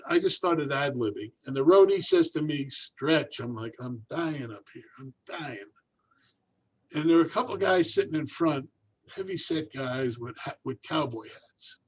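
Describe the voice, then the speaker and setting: An older man, a guest magician, tells a long story in conversation, animatedly acting out the voices of the people in it. His voice sits on the high side, and the audio quality is poor.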